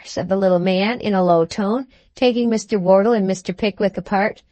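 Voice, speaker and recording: A woman narrating an audiobook of a classic novel in measured storytelling tone, close to the mic. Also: mid-range voice, a little mellow, no room sound. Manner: measured storytelling, voices each character. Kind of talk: scripted narration.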